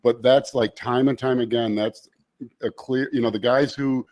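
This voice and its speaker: A man's voice: mid-range voice, fairly even intonation, moderate pace, darkish tone. A man hosting a podcast interview, musing in a reflective, rambling way with many fillers. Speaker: podcast host. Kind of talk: casual interview chat.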